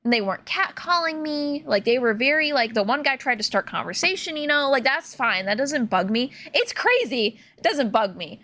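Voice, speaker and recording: A young woman from Illinois, a streamer telling stories in casual, animated chat full of fillers while she plays a game. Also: high voice, normal speed, few pauses. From Illinois, USA. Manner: animated, chatty, filler-heavy, laughs often. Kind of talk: casual storytelling while gaming.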